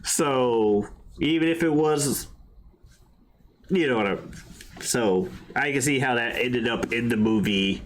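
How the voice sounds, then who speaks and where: A man's voice: medium pitch, slow pace, pauses often, a little hiss or hum. Laid-back man chatting, laughing often. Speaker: podcast guest. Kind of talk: casual chat.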